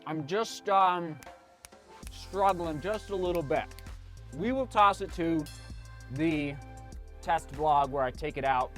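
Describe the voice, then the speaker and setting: Man, casual vlog, chatty, enthusiastic, slightly high voice, faint background music. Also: slow pace, long pauses, a bit bright. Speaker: running vlogger reviewing shoes. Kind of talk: casual vlog talk to camera.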